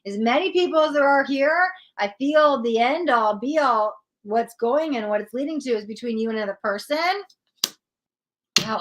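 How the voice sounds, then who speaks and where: Brief: talkative woman tarot reader on a live stream, slightly higher voice, casual and thinking aloud. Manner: chatty, informal, thinks aloud.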